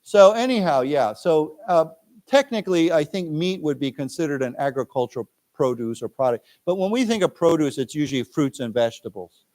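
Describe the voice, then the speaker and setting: An American man giving an English lesson in a library lecture room, reading news phrases slowly for the class to repeat and patiently explaining words. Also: a little high, lively intonation, a little mellow. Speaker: English teacher.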